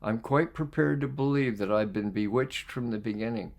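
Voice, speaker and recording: A man with a gravelly edge to his voice reads a book aloud at a mid-range pitch. He takes his time and stops now and then to ask his listeners questions, like a coach talking between passages. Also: normal speed. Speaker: life skills coach reading a book aloud. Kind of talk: reading aloud with spoken asides.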